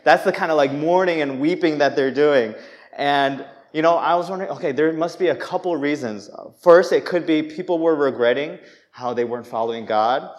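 A young man preaching a sermon in a church, conversational and animated, acting out people's reactions as he speaks. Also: a little high, fairly quick. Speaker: pastor.

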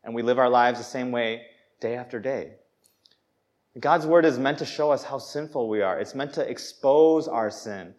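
Man preaching a lively conversational sermon. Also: medium pitch, moderate pace. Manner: animated, conversational preaching with acted-out reactions. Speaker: pastor.

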